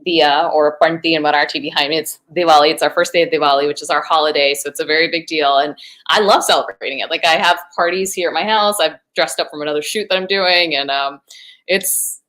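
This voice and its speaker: An American woman with a low voice talks easily as a guest, filling her answers with little fillers. She joins over a video call from her home. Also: fast, low-quality recording. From United States. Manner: relaxed, talkative, many fillers. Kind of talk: casual interview chat.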